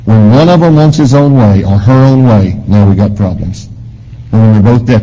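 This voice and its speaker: A man pastor preaching a sermon with emphatic swings in pitch and volume, asking the congregation questions. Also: lively intonation, normal speed, warm tone. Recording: long hall reverb.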